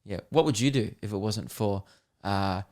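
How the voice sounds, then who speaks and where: A man with an Australian accent, a comedian hosting a podcast, telling stories in a casual, rambling, animated way. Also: fairly low pitch, normal speed. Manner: rambling, animated, slips into voices.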